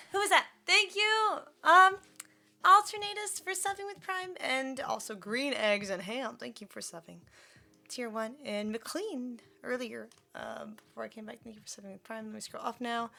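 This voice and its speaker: Bright woman streamer cooing at her dog. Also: normal speed, vocal fry, faint music behind. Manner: high sing-song baby talk to her dog. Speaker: livestreamer. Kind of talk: casual livestream chat.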